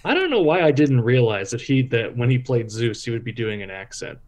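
A man's voice: mid-range voice, sing-song, a little fast. A man on a casual film chat panel who talks animatedly, laughs often and stammers through restarts.

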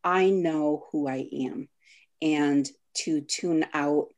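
A woman talks about her work as a guest on a video call, at a slow and unhurried pace. Her voice sits low and her manner is earnest and thoughtful. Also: a little mellow. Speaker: author interviewed as a guest. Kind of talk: casual interview over video call.

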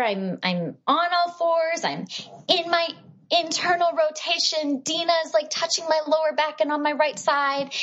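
A woman guest on a podcast, telling a personal story in a lively way and acting out what other people said. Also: high-pitched, highs cut off. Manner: animated, acts out what others said.

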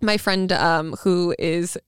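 A young woman guesting on a podcast, chatty and quick to laugh as she tells gossip stories. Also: lowish voice, steady tone, clear, resonant tone, dry recording, studio quality. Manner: chatty storyteller, laughs often. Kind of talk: casual gossip chat.

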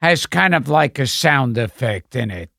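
A man co-hosting a casual comedy podcast, excitable and laughing, often trailing off mid-thought. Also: medium pitch, a little slow, vocal fry, dry recording, studio quality. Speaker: podcast co-host.

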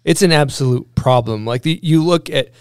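A man telling animated stories in casual podcast chat, laughing as he goes. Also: fairly high pitch, moderate pace, clean tone, dry recording, clean studio sound. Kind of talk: casual storytelling.

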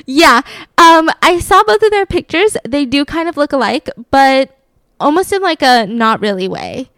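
A woman with a fairly high voice tells a story in relaxed conversation. She is animated and profane, and her sentences are packed with "like". The sound is close and completely dry. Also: moderate pace, no room sound. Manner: animated, swears freely, lots of filler 'like'. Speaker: podcast co-host telling a story. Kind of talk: casual storytelling chat.

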